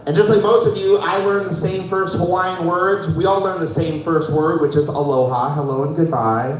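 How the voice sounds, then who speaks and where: A stand-up comedian from Fargo, North Dakota performs a set at a live comedy show, his high voice echoing through the room. He keeps a steady tone at a moderate pace, stays casual, says "dude" constantly, and laughs at his own jokes. The mic sounds distant and dull in the echoey space.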